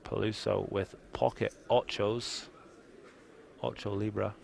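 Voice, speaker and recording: A man's voice: on the low side, little pitch movement, slow pace, vocal fry, darkish tone, slight background noise. A man from Northern Ireland with a Northern Irish accent, calling a live poker stream in a chatty, teasing way. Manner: chatty, laughs often, teasing. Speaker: poker commentator.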